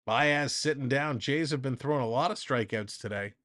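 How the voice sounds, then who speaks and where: A man doing casual live play-by-play for a fan stream, chatting off-topic between pitches and laughing often. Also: moderate pace, fairly bright tone.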